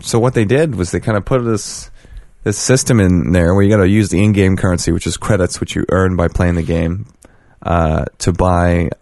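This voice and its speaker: A young man hosts a podcast in casual chat, with a sardonic, deadpan edge and plenty of swearing. His voice is very deep. The recording is close and dry. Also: moderate pace, few pauses, dry recording. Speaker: podcast host.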